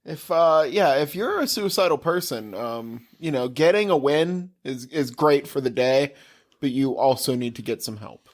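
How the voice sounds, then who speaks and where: A man's voice: medium pitch, animated, normal speed. A man co-hosting a podcast, cutting in with jokes and wisecracks while his co-host recaps a movie, swearing now and then. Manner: jokey interjections and wisecracks, swears. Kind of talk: casual movie chat.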